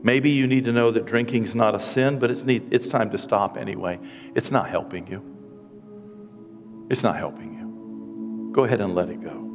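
A man in his sixties preaches from a church sanctuary, his lowish voice carrying a big-room sound. Earnest and emotional as a pastor, he pokes fun at himself now and then during the sermon.

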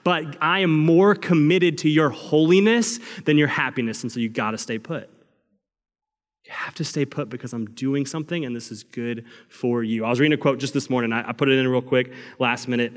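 Young male pastor, mid-pitched voice, sermon storytelling, long hall reverb. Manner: storytelling, rising to loud acted cries.

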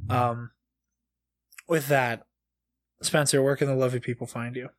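A man hosting a casual fan podcast, excitable and quick to swear, reading aloud with big exaggerated reactions. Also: medium pitch. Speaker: podcast host.

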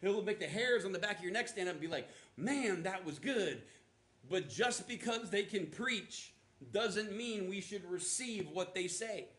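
A male pastor delivers a sermon in a loose, conversational way, with asides to the congregation. His voice sits a little high. The sound carries the echo of a large church room. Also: moderate pace, few pauses, fairly bright tone. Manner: conversational preaching, asides and acted quotes. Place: church auditorium.

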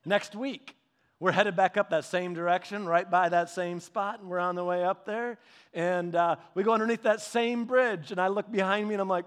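A middle-aged man with a notably high-pitched voice delivers a sermon in a loose storytelling way. He chuckles through his anecdotes and often restarts mid-sentence, keeping the tone playful. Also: brisk. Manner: animated, humorous storytelling with frequent laughs and restarts. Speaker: pastor.

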